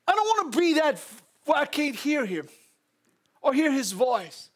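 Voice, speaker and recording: This is a very high-voiced male pastor delivering a sermon in church. He speaks with a Louisiana Southern accent, mixing animated call-outs with laughing asides to the congregation.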